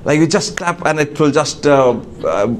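A man preaching a sermon to a congregation, halting with many fillers and restarts. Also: a little high, animated, slight background noise. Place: church.

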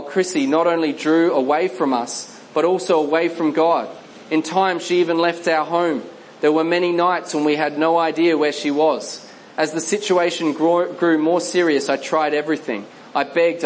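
A man's voice: fairly high pitch, a little hiss or hum, rough recording. Earnest man narrating a Christian memoir. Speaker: narrator reading a book.

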